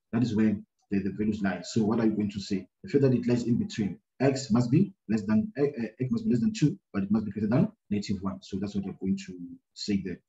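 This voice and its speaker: A man teaching a maths lesson, talking his way through a graph problem out loud, with many fillers and a habit of checking "right?" after each step. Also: on the low side. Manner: thinking aloud, many fillers and repeated "right?". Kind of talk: screen-recorded maths lesson. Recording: roomy, dull lo-fi sound.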